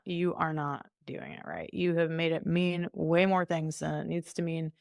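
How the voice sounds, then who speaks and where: Brief candid woman guest coach, slightly low voice, dry close sound. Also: flat delivery, normal speed, vocal fry, few pauses, dry recording. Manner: breezy and candid, laughs often, slips into playful voices. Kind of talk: conversational podcast interview.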